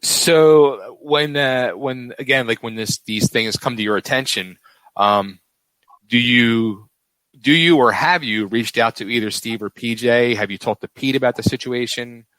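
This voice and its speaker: Male host, mid-pitched voice, halting questions, close dry recording. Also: a bit bright, dry recording, low-quality recording. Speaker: interview host. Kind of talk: casual interview.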